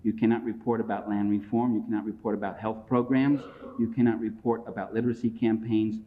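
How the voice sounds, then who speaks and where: A middle-aged man gives a public lecture that is emphatic, sarcastic and combative, recorded on a dull lo-fi 1980s tape. He talks fairly quickly in a fairly low voice with a level tone.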